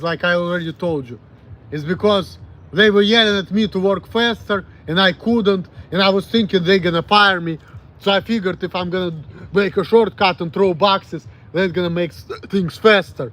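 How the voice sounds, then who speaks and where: With a high-pitched, slightly bright voice, a Russian-accented man in his late thirties fields viewer questions on his livestream. He rambles, speaks bluntly, curses a lot, and stops to correct himself haltingly.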